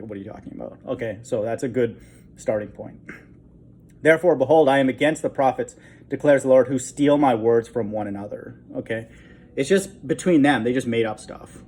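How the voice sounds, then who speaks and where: A man's voice: mid-range voice, mellow, breathy edge. A man giving an informal Bible teaching, reading verses aloud and breaking in with frequent "okay?" asides and short chuckles. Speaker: online preacher.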